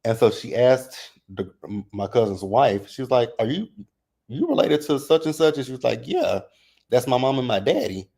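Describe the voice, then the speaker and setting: Mellow-voiced man chatting on a livestream. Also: medium pitch, lively intonation, moderate pace, gravelly. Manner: open and emotional, fighting back tears. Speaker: reality TV recap host. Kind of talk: casual livestream recap chat.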